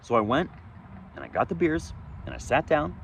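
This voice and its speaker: A man telling his own story in a candid, profane monologue outdoors, swinging between loud emphasis and low muttering. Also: wildly swooping pitch, normal speed, gravelly, slight background noise. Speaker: vlogger sharing his recovery story. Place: outdoors, sunny day.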